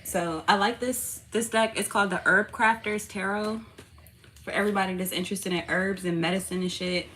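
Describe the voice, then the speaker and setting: A woman in her late twenties hosting a tarot livestream, telling stories in an animated, cursing, laughing way. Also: mid-range voice, moderate pace, a little hiss or hum. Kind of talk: casual livestream chat. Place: home, indoors.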